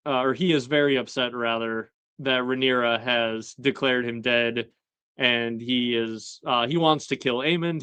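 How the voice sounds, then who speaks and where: A man hosting a casual episode recap chat, talking in a relaxed way with lots of fillers and chuckling asides. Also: medium pitch, clear, resonant tone, no room sound. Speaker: show host.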